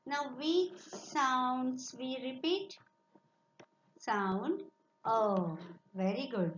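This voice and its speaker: An Indian English woman, a Marathi speaker, teaches children in a slow, encouraging classroom manner and reads sentences aloud for them to repeat. Her voice sits a little high. The recording is roomy and lo-fi with a faint hiss. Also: lively intonation. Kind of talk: online classroom lesson for children.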